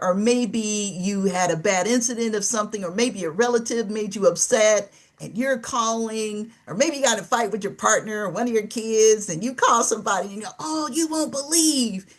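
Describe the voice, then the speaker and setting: A woman trainer presenting an online webinar, animated, acting out example conversations and laughing often. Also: mid-range voice. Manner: lively, acts out dialogue examples, laughs often. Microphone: webinar computer mic.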